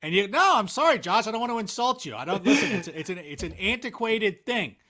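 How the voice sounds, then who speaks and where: A man's voice: sits high, big pitch swings, fairly quick, a crowd in the background. A man in his forties from Southern California, a sports analyst chatting as a guest in a rambling, self-deprecating way. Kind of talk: casual interview chat.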